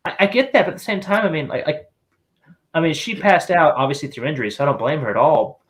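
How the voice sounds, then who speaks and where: A man's voice: on the high side, fast talker, fairly bright tone. A man co-hosting a casual podcast chat, joking and laughing often. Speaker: podcast co-host.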